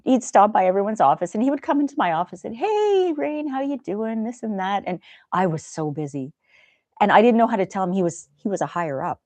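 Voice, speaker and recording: A middle-aged woman hosts a casual live-stream chat, gentle and talkative, reading out viewer comments as she goes. Her voice sits a little low. The sound is dry and close. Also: dry recording. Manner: gentle, chatty, reads viewer comments aloud.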